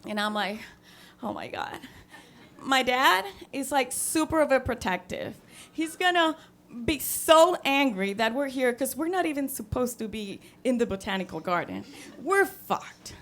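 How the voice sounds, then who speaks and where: Young woman, telling a funny true story at a stage mic, kinda high voice, acts out the voices. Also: moderate pace. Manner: animated, wry and self-mocking, acting out the voices. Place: theatre stage.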